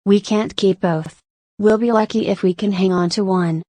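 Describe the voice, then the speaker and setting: A woman's voice: mid-range voice, steady tone, moderate pace, dark tone, no echo, natural voice. A woman reading aloud as a resolute middle-aged mother who once sang and danced on stage, with a firm, determined manner.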